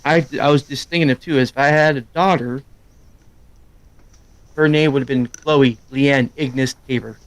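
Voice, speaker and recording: A middle-aged man chatting casually on a live stream, loud and quick, rambling from story to story. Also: mid-range voice, fairly even intonation, dry recording. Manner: loud, fast-talking, rambling. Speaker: streamer co-host. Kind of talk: casual chat.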